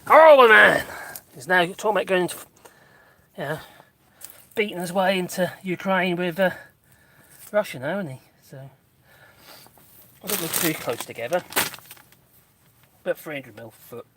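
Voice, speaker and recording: A man's voice: sits high, a little slow, pauses often, a bit bright, a little hiss or hum. A man, live-streaming casual chat from his garden, rambling with asides to his dogs and viewers, recorded outdoors on a phone on a tripod. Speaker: channel host. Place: outdoor garden, kneeling in mud.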